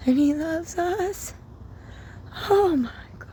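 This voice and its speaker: A woman's voice: on the low side, lively intonation, slow, gravelly, a little mellow, a little hiss or hum. A woman giving an intimate, emotional spiritual talk, often dropping to a whisper, recorded outdoors. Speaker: spiritual content creator. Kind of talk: personal spiritual talk to camera.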